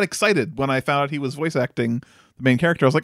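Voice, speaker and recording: A man's voice: a little high, lively intonation, fast, fairly bright tone, no room sound, studio quality. A man co-hosting a casual podcast, talking animatedly and with enthusiasm about a film's cast. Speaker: podcast co-host. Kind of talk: casual chat.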